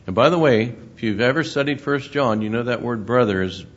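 A man preaching a sermon, halting and repeating words, then reading scripture and stories aloud more loudly. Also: mid-range voice. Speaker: pastor. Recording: dull lo-fi recording.

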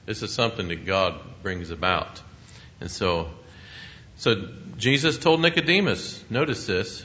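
A man teaching through a Bible passage verse by verse. He reads scripture aloud with rising emphasis, then explains it in a relaxed, conversational way. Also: deep voice, highs cut off, slight background noise.

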